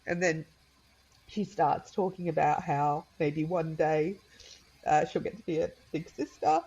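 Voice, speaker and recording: A low, gravelly woman's voice with a darkly mellow tone, heard on a dull, lo-fi recording. She is in her thirties and talks in a chatty, rambling way, full of fillers and small laughs as she tells her own story. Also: a little slow. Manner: chatty, many fillers and laughs, acts out her daughter's lines in a high voice. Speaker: podcast guest. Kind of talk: emotional personal storytelling.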